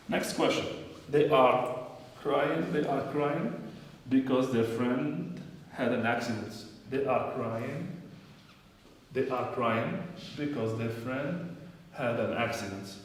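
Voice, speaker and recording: A man's voice: mid-range voice, a little hiss or hum. A man teaching an English grammar lesson, repeating phrases again and again as he drills his students. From Morocco. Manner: repetitive, drills phrases over and over. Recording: echoey room, voice from a distance.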